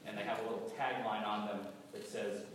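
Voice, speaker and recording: A man's voice: on the low side, little pitch movement, fairly quick. New england guy with a cold giving a sermon, casual and a bit jokey, trips over words, big echoey church sound with background noise. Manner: conversational, gently humorous, stumbles and repeats words. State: has a cold. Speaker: preacher. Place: large church hall. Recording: echoey hall from far off, audible noise.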